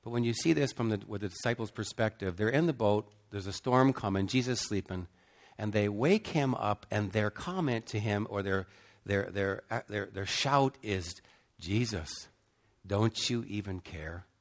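Emphatic storytelling male preacher. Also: lowish voice. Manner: emphatic storyteller, swings from loud to hushed and slow. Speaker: pastor. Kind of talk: sermon storytelling.

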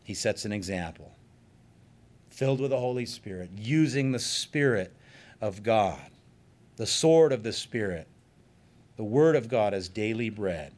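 A male pastor giving an earnest sermon, slowing down to stress key points. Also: lowish voice, lively intonation, darkish tone. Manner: earnest, emphatic preaching with slowed stresses.

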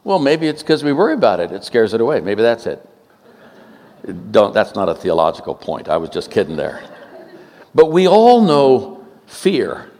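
A man in his seventies from Oakland, California, preaching a sermon with humorous stories, joking and animated, with quick asides. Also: mid-range voice, in a large hall. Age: 70s.

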